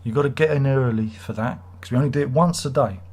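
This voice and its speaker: A man's voice: medium pitch, quick pace, darkish tone, lightly acted. A man doing a polite Spanish waiter. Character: polite adult male Spanish restaurant waiter.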